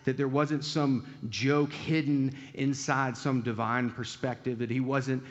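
A man preaches a sermon, talking with his listeners and asking them questions, and he briefly acts out the lines he quotes. His voice is of middling pitch and sounds a little dull. A long hall reverb trails after his words. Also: level tone, unhurried. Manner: conversational preaching, rhetorical questions, acted-out quotes. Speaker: pastor.

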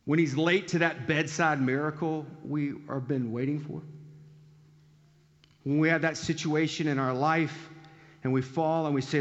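A man's voice: a little high, steady tone, unhurried. A man preaching a sermon in a conversational way, asking the listeners questions and acting out the quotes he tells. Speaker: pastor. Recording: dull sound with long hall reverb.

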